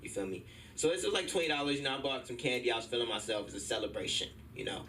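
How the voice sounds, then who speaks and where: A young man performing a stand-up set at an open mic, telling animated stories and acting out the people in them. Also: mid-range voice, rapid-fire, recorded from a distance, slight background noise, poor audio. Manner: animated storytelling, acting out voices. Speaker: stand-up comedian. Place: comedy club stage.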